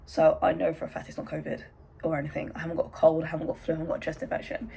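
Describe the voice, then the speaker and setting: Chatty English woman with a gravelly voice. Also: sits low, flat delivery, very fast, dark tone, a little hiss or hum, poor audio. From England. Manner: chatty, rambling, self-interrupting. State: hay fever, out of breath and sneezy. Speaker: vlogger. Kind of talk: casual chatty vlog. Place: bedroom at home.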